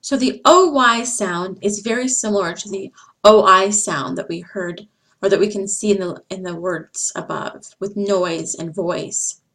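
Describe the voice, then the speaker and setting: A woman giving a slide-based phonics lesson, speaking deliberately and repeating each example sound. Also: mid-range voice, fairly bright tone. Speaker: English teacher.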